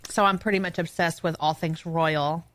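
Bright-voiced woman from Texas. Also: sits low, steady tone, normal speed, dry recording. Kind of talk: casual chat.

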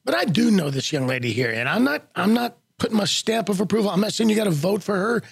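A man hosting a community radio show, his voice set high and gravelly with some rasp in it. He talks to listeners in a folksy, joking way. The studio sound is dry, with faint music underneath. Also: expressive, fast talker, no room sound. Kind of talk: casual radio talk. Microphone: studio microphone.

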